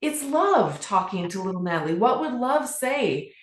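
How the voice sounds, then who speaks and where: A woman's voice: medium pitch, sing-song, normal speed. Earnest middle-aged woman in an echoey room. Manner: earnest, heartfelt, with frequent restarts. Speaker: podcast guest, author. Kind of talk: candid personal storytelling. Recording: roomy echo.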